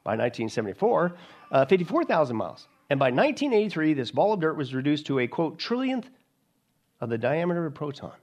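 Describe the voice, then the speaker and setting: Animated, mocking male preacher. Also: a little high, quick pace. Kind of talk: sermon with mocking asides.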